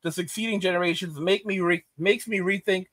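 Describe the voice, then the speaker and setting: A man's voice: high-pitched, steady tone, a little fast, fairly bright tone, no echo. A middle-aged man hosting casual reaction commentary, reading out chat comments, ranting and repeating lines for emphasis with frequent laughs.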